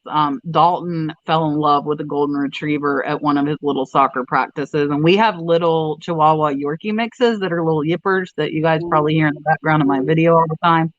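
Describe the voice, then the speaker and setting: A woman's voice: deep voice, fairly bright tone, no echo, dull audio. A woman hosting a casual live stream, rambling chattily and reading out viewer comments. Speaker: livestream host.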